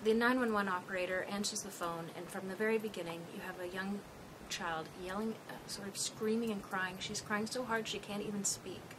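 A woman's voice: mid-range voice, fairly even intonation, fairly quick, hardly any pauses, background noise. A woman trainer giving a thoughtful, explanatory presentation as she recounts an emergency call.

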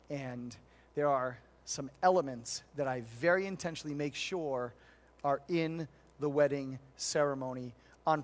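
A middle-aged male pastor delivers a sermon in a storytelling way. His voice sits a little high for a man. He moves between loud, emphatic points and hushed, gentle moments. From United States.

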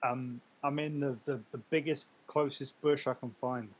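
A man's voice: mid-range voice, flat delivery, normal speed, slightly rough, poor audio. Playful man playing a tabletop game. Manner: hesitant, playful. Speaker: player. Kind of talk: casual tabletop play.

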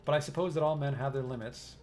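A man's voice: medium pitch, a little mellow, soft background music, close to an everyday voice. A man voicing a cultured, polite engineer. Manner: pleasant, measured, formal. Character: cultured middle-aged male engineer, polite, precise. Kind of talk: reading game dialogue aloud.

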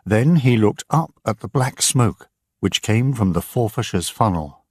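A man narrating an audiobook for English learners, slow and clearly enunciated. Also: fairly low pitch, lively intonation, no echo, studio quality.

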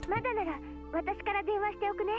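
A woman's voice: extremely high pitch, racing, dull audio. A woman voicing an earnest teenage schoolgirl in an anime-style game, sweet but urgent. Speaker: game voice actress. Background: game music.

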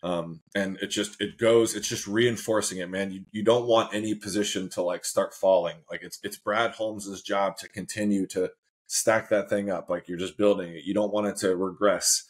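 A man's voice: fairly low pitch, steady tone, moderate pace, husky. A man co-hosting a casual sports chat, laid-back, laughing often and saying "man" a lot. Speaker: co-host.

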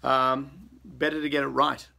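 A man's voice: medium pitch, little pitch movement, a little slow, creaky, background noise. A man, a comedian, giving a playful comic tutorial in a breezy, chatty way. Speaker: comedian teaching an impression.

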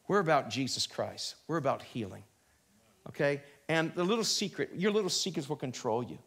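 A man preaching a sermon in a church, animated and conversational, with quick asides and frequent restarts. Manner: animated preaching, often rising in pitch and volume. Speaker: pastor. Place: church sanctuary, live broadcast.

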